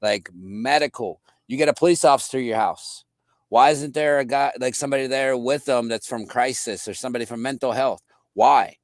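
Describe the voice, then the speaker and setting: A man's voice: mid-range voice, fairly quick, no room sound, clean studio sound. A man from the US East Coast co-hosting a casual chat, making emphatic points and asking pointed questions. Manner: emphatic, questioning, laughs easily. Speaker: podcast co-host.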